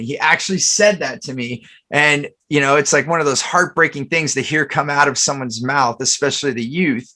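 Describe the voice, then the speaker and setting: Bright-voiced man telling rambling stories. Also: fairly high pitch, normal speed, few pauses. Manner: rambling storyteller, many fillers and restarts. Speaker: podcast host. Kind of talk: casual podcast chat.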